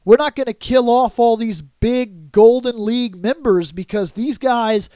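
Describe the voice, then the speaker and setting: A smug alien villain who runs a show, confiding with a scheming edge, as a man quotes him. The voice sits a little higher than usual and is fairly dry. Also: measured pace, mellow, no echo.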